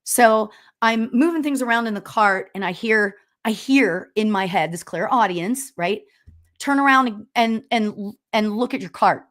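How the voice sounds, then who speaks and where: A middle-aged woman hosting a live stream as a spiritual medium, chatting casually and telling stories loudly with lots of laughs and "you know?". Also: a little high, measured pace. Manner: loud, animated storyteller with frequent laughs and "you know?". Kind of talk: casual livestream chat reading viewer comments.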